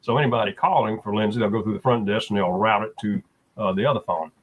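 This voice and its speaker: A man's voice: lowish voice, fast, husky, phone-quality sound. A man talking as a guest, telling a story at an easy pace with frequent fillers. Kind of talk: casual conversation.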